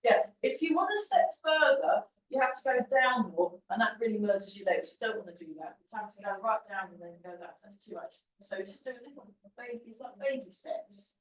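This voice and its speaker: Demonstrating tai chi moves, a woman chats encouragingly to her class in a slightly high, expressive voice, speaking briskly with hardly any pauses. The sound comes from a camera far off in a big, echoing hall.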